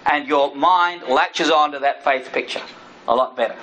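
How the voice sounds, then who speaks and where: Bright-toned middle-aged man preaching. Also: on the high side, normal speed, low-quality recording. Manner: earnest, repeats points with "right?"; acts out quoted speech and prayers. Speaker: preacher and former missionary. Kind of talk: teaching sermon.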